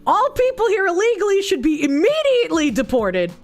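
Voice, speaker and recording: A woman's voice: extremely high pitch, wildly swooping pitch, brisk, faint music behind. A woman with a Boston accent, streaming and ranting casually in a blunt, profane way. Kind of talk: casual livestream commentary.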